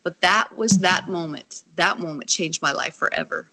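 A woman's voice: on the low side, moderate pace, a crowd in the background. A middle-aged woman, earnestly telling a personal faith testimony as a guest and acting out the voices in it. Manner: earnest, storytelling, acts out quoted voices.

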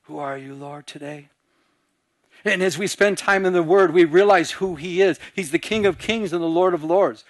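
A man with a fairly high voice preaches with animation, dropping into hushed voices as he acts out little scenes. The sound is dry and close, with no room around it. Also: normal speed, hardly any pauses, no echo. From Michigan. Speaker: pastor. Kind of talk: sermon.

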